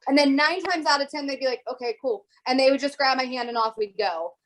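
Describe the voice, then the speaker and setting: A woman teacher speaks as an interview guest, her voice sitting a little high. She tells stories in an animated way and slips into the voices of the people she is quoting. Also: fast talker, low-quality recording. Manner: animated storyteller who acts out other people's voices. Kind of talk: casual interview conversation.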